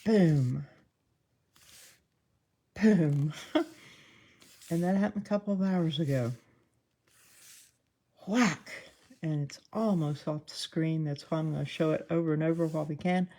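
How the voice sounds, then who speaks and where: A woman's voice: deep voice, a little fast, mellow. A woman from the Southern United States with a twangy accent, hosting casual live commentary. She chats along, laughs often and pokes fun at herself. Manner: chatty, laughs often, self-deprecating. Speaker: host.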